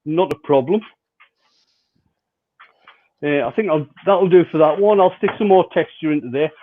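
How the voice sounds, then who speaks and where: A man's voice: a little high, moderate pace. A man demonstrating woodturning on a livestream, chatting casually and explaining as he works. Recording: tinny phone-like sound.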